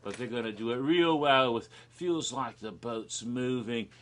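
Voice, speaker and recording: Slow-talking man with a bright, tense voice. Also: medium pitch. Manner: rambling, absurd deadpan humor with frequent restarts. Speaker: video creator. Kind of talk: comedic monologue of made-up haunted houses.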